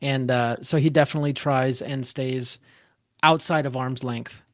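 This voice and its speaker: A man's voice: mid-range voice, fairly even intonation, normal speed. A man running a tabletop game as game master, talking with many hesitant fillers over a video call.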